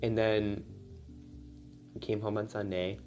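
A young man, a college student, venting in a rambling, casual monologue, swearing often and getting louder as he gets worked up. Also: fairly low pitch, flat delivery, slow pace, soft background music. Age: young adult. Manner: rambling, swears a lot, voice climbs when riled up.

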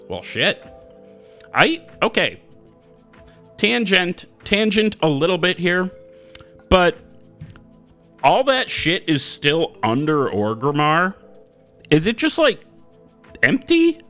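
A man's voice: fairly high pitch, sing-song, slow, long pauses, sharp tone, soft background music. A man co-hosting a casual gaming podcast, rambling, swearing freely and wandering off on tangents. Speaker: podcast co-host.

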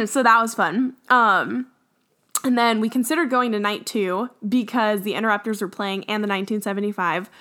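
A young woman co-hosting a podcast chats casually, with lots of fillers and giggles. Her mid-range voice is a bit bright and moves at a moderate pace.

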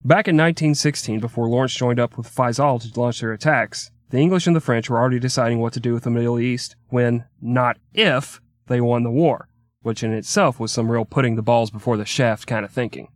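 A man's voice: medium pitch, fairly quick, no echo. A man hosting a podcast, narrating history in an irreverent comedic way with crude joking asides. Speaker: podcast host.

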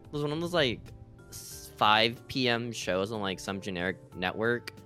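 A man's voice: lowish voice, expressive, moderate pace, pushed and bright, faint music behind. A young man co-hosting a podcast in casual chat, laid-back and slangy in his banter. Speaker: podcast co-host.

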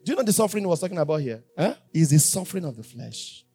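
A male preacher delivering a sermon, emphatic and repetitive, moving between loud exhortation and quiet asides. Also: a little high, big pitch swings, rapid-fire, husky, soft background music.

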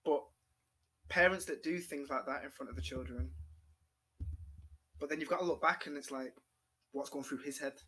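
A young man, talking quickly and emotionally in a casual podcast chat and swearing freely. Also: on the high side, sharp tone, breathy edge. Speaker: podcast guest.

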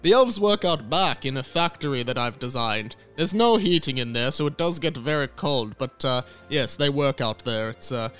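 A man's voice: medium pitch, animated, moderate pace, hardly any pauses, fairly bright tone, clear, resonant tone, soft background music, close to an everyday voice. A man voicing a smug, callous old Santa Claus in an improvised comedy sketch. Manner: self-satisfied, dismissive, snaps insults.

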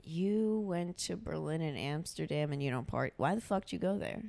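20s woman hosting a podcast, low voice with lots of vocal fry, swoops all over, crude and teasing. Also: animated, moderate pace, warm tone. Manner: blunt, crude, teasing humor. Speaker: podcast host. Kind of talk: casual podcast chat.

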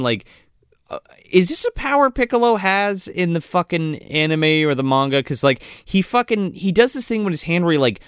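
A man talking through a movie plot in loose, profane banter. His pitch swings widely as he slips into quick imitations of the characters. The sound is dry and close. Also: smooth, dry recording. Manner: animated, acts out characters in quick put-on voices. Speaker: podcast co-host. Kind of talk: casual profane movie recap.

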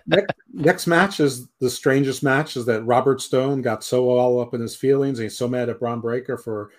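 A man's voice: mid-range voice, moderate pace. A man co-hosting a podcast in casual chat, opinionated and rambling, often trailing off. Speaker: podcast co-host.

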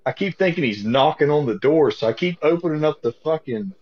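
A man's voice: on the high side, expressive, fairly quick. Profane laughing man, lo-fi. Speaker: podcast co-host. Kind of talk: casual chat. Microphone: earpiece headset mic. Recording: dull lo-fi sound.

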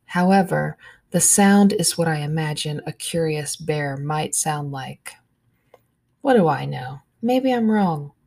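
Slow, low, gravelly woman narrator. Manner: hushed, measured storytelling with soft whispered asides. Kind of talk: first-person story narration.

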